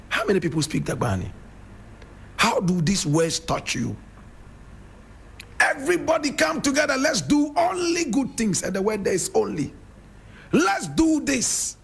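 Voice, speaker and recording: A Ghanaian man with a Ghanaian English accent speaks in a raised, gravelly voice, preaching at his listeners like a fired-up radio host. His tone is husky and rough at the edges. He keeps calling his audience brother and sister. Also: extremely high pitch, very animated, unhurried, pauses often. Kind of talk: impassioned radio monologue.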